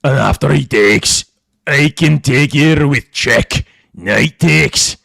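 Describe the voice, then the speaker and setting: A man putting on a gruff, indignant mock-Scottish voice, deep, booming and theatrical. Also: slow pace, fairly bright tone, dry recording, clean studio sound, heavily acted. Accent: put-on Scottish.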